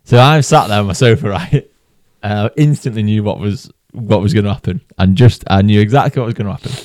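A man's voice: fairly low pitch, quick pace, a little mellow, no echo, studio quality. A man from England, co-hosting a golf podcast, telling a story in casual chat and laughing often as he goes. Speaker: podcast co-host.

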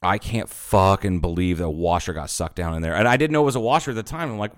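A man co-hosting a podcast, telling stories in casual chat, animated and swearing freely. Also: lowish voice, fast, hardly any pauses, smooth. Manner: animated storyteller, swears a lot, acts out quotes. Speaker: podcast co-host.

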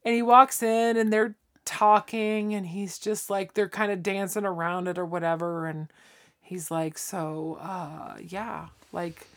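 Her voice mid-range and her pace measured, a woman podcast co-host casually walks through a sitcom plot. She's animated and performs the characters' dialogue as she goes.

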